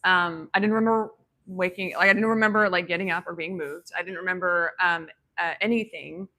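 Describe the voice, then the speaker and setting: A woman's voice: on the low side, fairly even intonation, brisk, sharp tone. A woman telling a personal story in a casual, rambling way, full of fillers and restarts, reflective and spiritual in tone. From grew up on a ranch.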